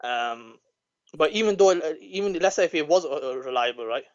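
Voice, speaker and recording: A male caller on a call-in show, making his case in a measured way with many pauses. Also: a little high, animated. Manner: measured, hesitant with fillers. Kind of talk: call-in debate. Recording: dull phone-call audio.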